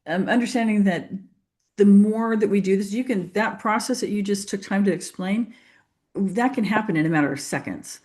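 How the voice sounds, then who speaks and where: A woman's voice: mid-range voice, normal speed, darkish tone. A woman hosting a podcast conversation, encouraging as she sums up her guest's points. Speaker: host. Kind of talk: casual interview talk.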